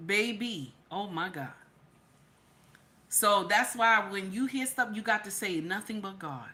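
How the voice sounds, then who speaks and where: A woman's voice: medium pitch, expressive, unhurried, sharp tone. A woman hosting a live vlog, speaking emphatically and repeating herself, tearful after crying. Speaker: channel host. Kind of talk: live-stream reaction vlog.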